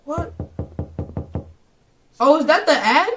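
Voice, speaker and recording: A young gamer commentating a horror game, bursting into loud panicked screams between jokey banter. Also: high voice, very animated, slow pace, slight background noise, low-quality recording.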